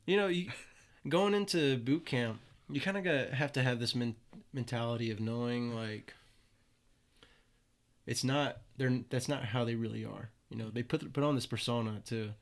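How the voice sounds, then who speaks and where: A man's voice: mid-range voice, normal speed. A young man, a podcast guest, casually telling stories with plenty of swearing and acted-out quotes. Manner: laid-back, swears freely, acts out quoted voices. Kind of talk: casual storytelling interview.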